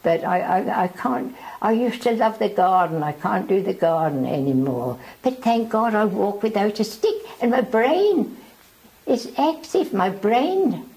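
A woman over a hundred years old, from South Africa, giving an oral history interview, speaking haltingly and often repeating herself. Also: medium pitch, animated, darkish tone, low-quality recording. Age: over 100.

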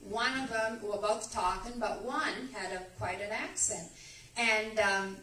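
Excitable woman testifying in church. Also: mid-range voice, unhurried, noisy background. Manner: excitable, rambling, emphatic. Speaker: church member giving testimony. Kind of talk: animated testimony storytelling. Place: church sanctuary. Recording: echoey church room, distant mic.

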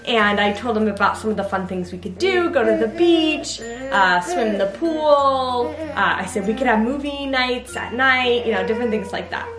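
A young woman and mother chatting casually to camera about her son, fond and quick to laugh. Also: on the high side, animated. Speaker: mother and vlogger. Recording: echoey room with faint music.

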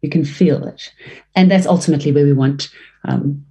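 A woman working as a leadership trainer and voice coach, giving expressive interview answers with some restarts and fillers. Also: moderate pace. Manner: expressive, varies pitch and pace to demonstrate; fluent with frequent restarts.

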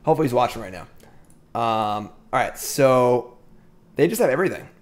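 Fairly quick and expressive, a middle-aged man's mid-range voice carries a rambling story as he plays a card game on stream. He's chatty and self-interrupting, frequently pausing the tale to comment on his moves.

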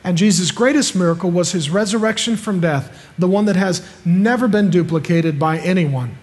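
A man's voice: high-pitched, moderate pace, a little mellow. A man preaching a sermon as a pastor, emphatic and repeating his points with rhetorical questions.

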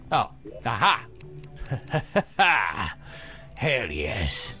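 A man hosting a let's play, giving goofy, excitable, self-mocking gameplay commentary. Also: medium pitch, normal speed, faint music behind.

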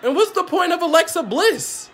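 A woman's voice: extremely high pitch, very animated, normal speed. A woman hosting a wrestling reaction video, exasperated and disbelieving, asking the same questions over and over.

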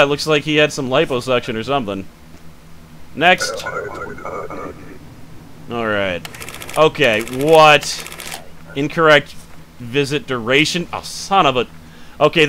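A man giving casual let's-play commentary, thinking aloud as he checks details, quick to grumble and then apologize. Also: mid-range voice, bright, forceful tone, slight background noise. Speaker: gaming channel host.

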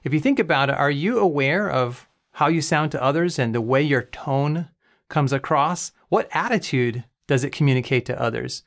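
A man, a communication coach, giving calm, clear educational commentary on a comedy clip. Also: a little high.

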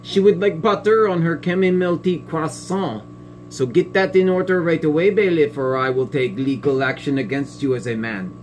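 A man playing a smug, biased female family court judge in a satirical sketch, talking in a pompous, condescending way with drawn-out sneering pauses. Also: fairly high pitch, a little hiss or hum, lightly acted. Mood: fawning smug. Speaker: comedic sketch performer.

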